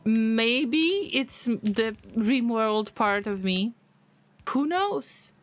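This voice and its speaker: A female gaming streamer with a fairly high voice chats with viewers while playing, playful and teasing, answering chat messages with jokes. Her pitch swings widely and expressively as she speaks slowly and draws out her words, with faint music underneath.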